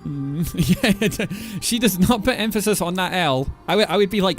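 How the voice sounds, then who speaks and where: A man's voice: high voice, expressive, unhurried, soft background music. A man streaming a game, making casual commentary, laughing and joking as he reads along. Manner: chuckling, joking, reading aloud. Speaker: gaming streamer. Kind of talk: casual let's-play commentary.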